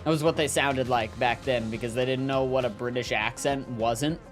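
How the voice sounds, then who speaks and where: A man's voice: medium pitch, fairly even intonation, moderate pace. Streamer guy rambling and joking while he plays, lots of likes and you knows, faint music behind. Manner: rambling, jokey, lots of fillers. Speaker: gaming streamer. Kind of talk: casual gameplay commentary, reading chat.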